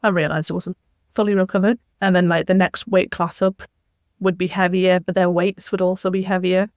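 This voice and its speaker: A woman's voice: fairly low pitch, little pitch movement, a little fast, a little mellow, no echo, clean studio sound. A young woman, a podcast guest, chatting casually and acting out what people said to her. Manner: chatty storyteller, acts out quoted exchanges.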